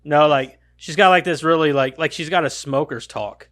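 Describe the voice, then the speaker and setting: A man's voice: on the high side, moderate pace, a bit bright. Rambling man podcast co-host. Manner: loose, rambling, repeats words when starting. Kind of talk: casual chat.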